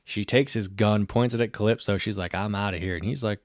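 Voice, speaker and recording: A man hosting his own channel, giving a casual, rambling and excited episode recap full of "like" fillers. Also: lowish voice, brisk, no echo. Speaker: channel host reviewing a TV episode. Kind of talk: casual video review recap.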